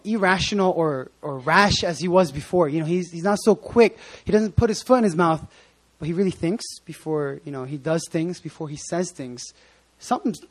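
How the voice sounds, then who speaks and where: A man's voice: fairly high pitch, breathy edge. A man preaching a casual sermon, chatty and joking with many asides. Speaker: pastor.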